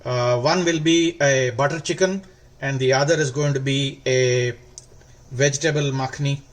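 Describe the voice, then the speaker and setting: A man hosting a cooking demonstration, explaining each step calmly and stretching words for emphasis. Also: mid-range voice, moderate pace. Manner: calm, step-by-step instructional. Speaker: cooking channel host.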